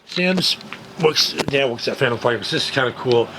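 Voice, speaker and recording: A man's voice: mid-range voice, lively intonation, moderate pace, a bit bright, slight background noise, low-quality recording. A man talking casually to camera at home, rambling and repeating himself with lots of fillers. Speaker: vlogger. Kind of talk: casual home video chat. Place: at home, indoors. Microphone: handheld camera, moving about.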